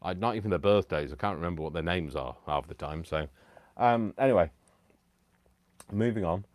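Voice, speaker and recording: A man's voice: deep voice, normal speed, a little mellow, dry recording. A man hosting a casual live stream, chatting to viewers in a rambling, self-deprecating way from home. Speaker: livestream host making digital crafts.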